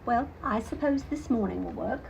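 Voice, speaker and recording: A woman's voice: a little high, expressive, normal speed, vocal fry, a little mellow, a little hiss or hum. A woman voicing a prim young lady kitten. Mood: polite. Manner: polite, prim.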